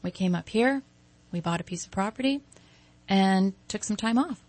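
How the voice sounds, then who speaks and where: A woman in her forties, a guest event designer, chatting in an interview and telling lively stories. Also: medium pitch, normal speed, no echo. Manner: animated storyteller, acts out quoted voices. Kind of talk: casual interview chat.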